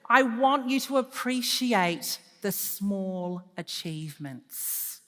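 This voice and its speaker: A woman giving a lively counselling talk to an audience, moving from loud emphasis to soft, hushed advice. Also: mid-range voice, slow. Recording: long hall reverb.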